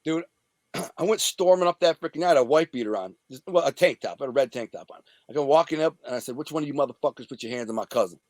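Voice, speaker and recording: A man from the Detroit area telling rough, profane stories from his past in a casual, animated way as an interview guest. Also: mid-range voice, fast talker, no room sound. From Detroit area, USA. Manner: streetwise, profane, animated retelling. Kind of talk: casual storytelling.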